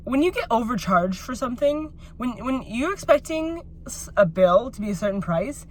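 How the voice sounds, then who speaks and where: A woman's voice: on the high side, expressive, normal speed, slight background noise. A woman vlogging to her phone, venting at length in a rambling, exasperated way with lots of filler words. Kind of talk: personal vlog rant.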